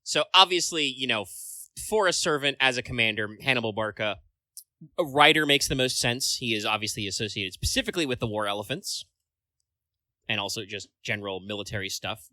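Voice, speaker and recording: Rambling man with a sharp, forceful voice. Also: medium pitch, animated, brisk, dry recording. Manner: rambling, full of filler words and casual swearing. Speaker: podcast co-host. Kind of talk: casual podcast chat.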